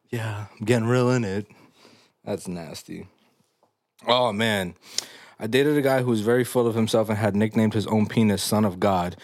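A man's voice: on the low side, no room sound, clean studio sound. A young man hosting a casual comedy podcast, reading listener stories aloud and reacting with crude slang and frequent laughter.

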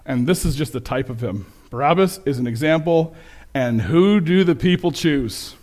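A man preaching a sermon with slides, conversational and self-correcting, turning animated when he quotes people. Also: a little high, normal speed. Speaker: pastor.

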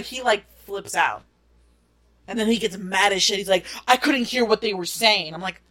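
A young woman co-hosting a podcast, telling stories in animated, casual chat and laughing often. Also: medium pitch, normal speed. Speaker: podcast co-host.

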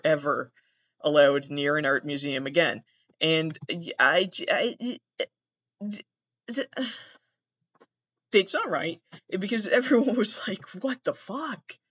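A man hosting a podcast in a rambling, profane, self-deprecating monologue, with a gravelly, monotone voice. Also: on the high side, dry recording. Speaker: podcast host. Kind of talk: casual monologue. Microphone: laptop recording. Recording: dull, dry lo-fi sound.

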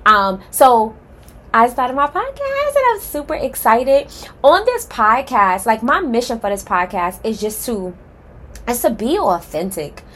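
A woman's voice: a little high, sing-song, unhurried, fairly bright tone. A woman hosting her own podcast, giving a heartfelt, emphatic solo introduction and speaking straight to her listeners. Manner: passionate and emphatic, addresses listeners as y'all. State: nervous and excited. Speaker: podcast host.

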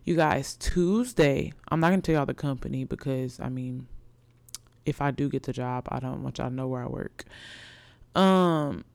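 A young woman vlogging to her viewers in a loose, slang-filled, excitable storytelling style. Her voice is smooth and clean, recorded dry and close with no room around it. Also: rumbling low, moderate pace, no echo.

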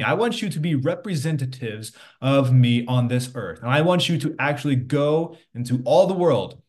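A man's voice: mid-range voice, a little mellow. A man preaching a casual sermon, reading scripture aloud and checking in with listeners. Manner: conversational preaching, quotes scripture, frequent "right?". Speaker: pastor. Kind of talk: sermon to an online audience.

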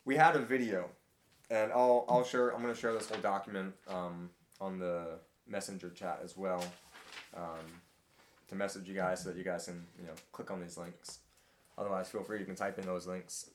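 A man leading a casual Bible study discussion, talking in a halting way with many fillers and restarts. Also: low-pitched, flat delivery, roomy sound, slight background noise. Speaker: group study leader.

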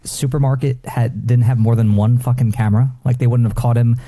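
A man's voice: medium pitch, steady tone, brisk, mellow. A man co-hosting a movie podcast, sarcastic and casually swearing. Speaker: podcast co-host. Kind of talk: casual movie review chat.

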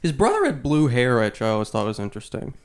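A man's voice: mid-range voice, wildly swooping pitch, fast talker, clean tone. A young man and podcast co-host rambling through playful, casual banter with a friend. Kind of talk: casual chat.

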